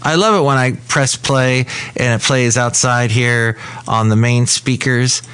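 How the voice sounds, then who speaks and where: Recorded clean with no echo, this California podcast host speaks in a medium-pitched, fairly bright voice with fairly even intonation, a little slowly. Broadcasting his comedic show from a café, he rambles casually and keeps correcting himself.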